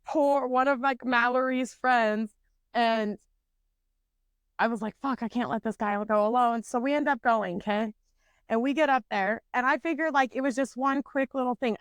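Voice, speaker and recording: A woman's voice: fairly high pitch, no room sound. A woman in her twenties co-hosting a podcast, telling stories animatedly in casual chat and swearing constantly. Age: 20s. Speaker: podcast co-host.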